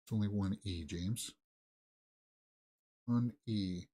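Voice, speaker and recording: A man co-hosting a movie talk show, chatting casually and thinking aloud with halting restarts. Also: lowish voice, dark tone, a little hiss or hum. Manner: musing, halting, with fillers and restarts. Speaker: movie news co-host. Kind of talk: casual chat.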